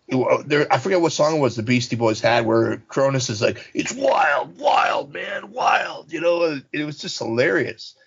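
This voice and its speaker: Guy with a gravelly voice rambling thru stories on a podcast, kinda muffled lo-fi sound. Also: medium pitch. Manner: rambling, animated storyteller. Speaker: podcast co-host. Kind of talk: casual chat. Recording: dull lo-fi sound.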